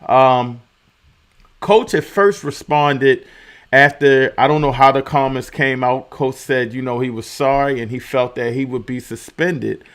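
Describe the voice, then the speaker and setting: A man's voice: mid-range voice, a little slow, fairly bright tone. A man hosting his own commentary show, talking casually and repeating key phrases for emphasis. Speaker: host of a commentary channel.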